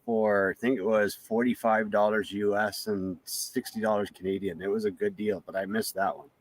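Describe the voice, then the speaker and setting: A man's voice: lowish voice, moderate pace. A man in casual chat who explains tool details and repeats words when he cuts in. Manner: relaxed, informative, repeats words when cutting in.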